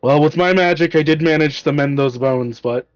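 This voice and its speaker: A man's voice: on the high side, normal speed, no room sound, lo-fi sound, faint music behind, natural voice. A man voicing an earnest young paladin. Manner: earnest, remorseful.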